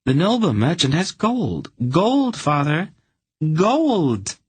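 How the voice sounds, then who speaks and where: A grasping young farm daughter with a shrill, whining voice that climbs high above its usual pitch, as a deep-voiced man reads her. Her words come through husky and dry, the grain of the narrator's rough throat never far off. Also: huge pitch swings, takes it slowly, no room sound, full character voice. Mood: pleading. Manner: shrill, pleading.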